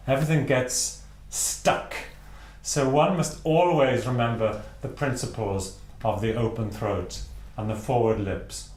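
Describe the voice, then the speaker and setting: Man, from Wales, singing teacher, slow deliberate delivery, precise enunciation, demonstrates vowels, echoey room. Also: medium pitch. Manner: demonstrates vowel sounds aloud. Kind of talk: instructional talk to camera.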